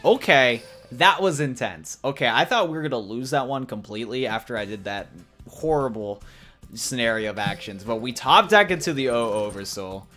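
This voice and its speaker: A young man giving live, excitable commentary on a card game he is playing, thinking aloud and trash-talking his opponent. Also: medium pitch, normal speed, soft background music. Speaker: let's play gamer.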